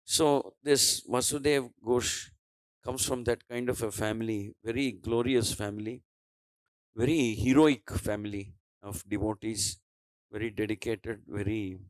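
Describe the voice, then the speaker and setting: A man's voice: on the low side, fairly even intonation, a little slow, no room sound, low-quality recording. A man with an Indian English accent giving a devotional scripture class, telling a story and voicing its dialogue with many restarts and fillers.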